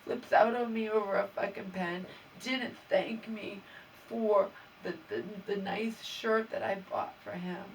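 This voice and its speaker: A woman's voice: medium pitch, steady tone, a little slow, few pauses, recorded from a distance, slight background noise, rough recording. A woman vlogger venting her grievances in an aggrieved, exasperated way, stammering and restarting as she talks. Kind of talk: venting personal vlog.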